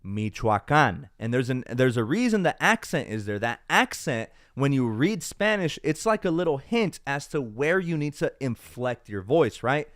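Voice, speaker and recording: A man's voice: medium pitch, big pitch swings, moderate pace, few pauses, a bit bright, dry recording. Young male live-stream host, unwell but upbeat, casual chat, dry close sound. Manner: chatty, upbeat, mixes in Spanish. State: feeling unwell. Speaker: tech YouTuber hosting a live stream.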